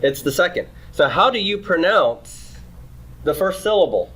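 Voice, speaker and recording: A man's voice: sits high, very animated, measured pace, a bit bright, husky. A man teaching a Hebrew grammar class, explaining step by step and checking in with students through frequent "okay?" and "right?". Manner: repeats and restarts phrases while explaining. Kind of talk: classroom lecture.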